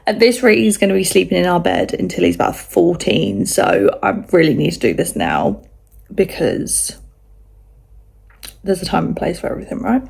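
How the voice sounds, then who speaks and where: A woman's voice: fairly low pitch, gravelly, a little mellow. A young woman, chatting casually at home in a rambling, self-mocking vlog. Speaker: vlogger mum.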